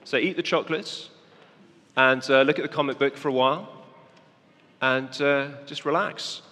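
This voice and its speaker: A man's voice: medium pitch, moderate pace, pushed and bright, long reverb tail. A man preaching a children's talk, coaxing young volunteers through a parable they act out on stage. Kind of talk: sermon with volunteers acting a parable.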